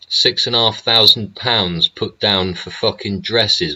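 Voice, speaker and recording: A man's voice: lowish voice, unhurried, hardly any pauses, bright, forceful tone, lo-fi sound. A man, hosting a ranting political monologue, angry and swearing constantly, with rhetorical tag questions. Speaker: host.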